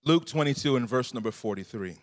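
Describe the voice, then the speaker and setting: A man's voice: medium pitch, animated, fairly quick. A man preaching a sermon in a church, with a fervent, repetitive preaching cadence. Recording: long hall reverb.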